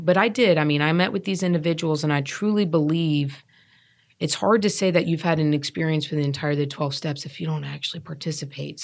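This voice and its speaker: A woman in her thirties with a low voice shares her story as an interview guest. She talks in an earnest, emphatic way and circles back to repeat what matters to her. The tone is candid and personal. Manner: earnest, emphatic, repeats herself when stressing a point. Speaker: guest sharing recovery story.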